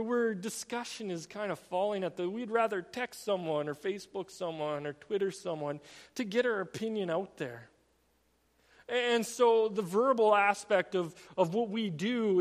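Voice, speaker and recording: Male preacher, high voice, emphatic and earnest, reverberant hall sound. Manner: earnest, emphatic preaching with slowed stressed phrases and repetitions. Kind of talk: sermon.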